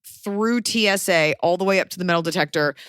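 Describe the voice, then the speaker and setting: Animated woman telling a story. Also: fairly low pitch, a little fast, clear, resonant tone, no echo, clean studio sound. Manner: animated storytelling, acts out quoted people. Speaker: podcast host. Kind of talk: casual chat.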